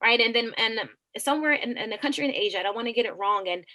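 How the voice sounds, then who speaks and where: A woman teacher and author talking earnestly in an interview, animated and preachy, often restarting her words. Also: a little high, quick pace. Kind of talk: conversational interview.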